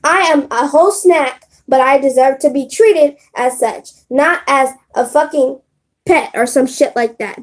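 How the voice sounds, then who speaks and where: A woman with a high-sitting, unhurried voice gives readings in a casual live stream on her phone, speaking bluntly and with profanity directly to her chat.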